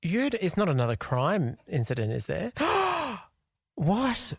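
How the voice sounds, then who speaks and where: A man's voice: sits high, huge pitch swings, takes it slowly, vocal fry, slightly rough, dry recording. A man, co-hosting a podcast with dry, teasing banter in casual chat. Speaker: podcast co-host.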